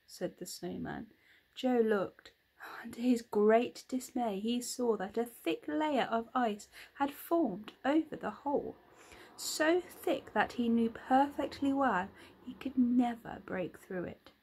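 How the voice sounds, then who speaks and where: A woman teacher reading a children's storybook aloud in a gentle, expressive way. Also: mid-range voice, slow, slightly rough.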